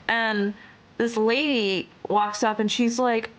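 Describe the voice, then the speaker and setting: A young adult woman streamer telling a story in a casual, animated way, with lots of fillers, swearing and laughter. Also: on the high side, slow, slight background noise. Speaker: VTuber streamer.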